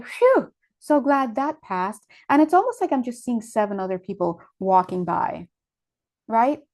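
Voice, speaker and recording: A woman giving a casual spiritual tarot reading, rambling and correcting herself as she goes, with lively asides. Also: fairly high pitch. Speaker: spiritual reader.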